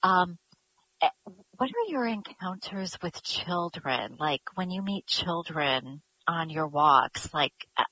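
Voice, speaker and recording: Encouraging woman host; bright voice, dry close recording. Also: fairly low pitch, expressive, slow pace, husky, dry recording, low-quality recording. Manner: warm, encouraging reactions. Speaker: interviewer. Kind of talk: casual interview.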